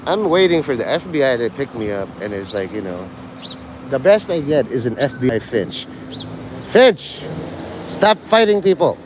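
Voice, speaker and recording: A man's voice: medium pitch, very animated, a little fast, noisy background. Taunting male streamer, sing-song delivery. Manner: abrasive, taunting and erratic. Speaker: livestreamer talking to his chat. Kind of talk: rambling live-stream chat.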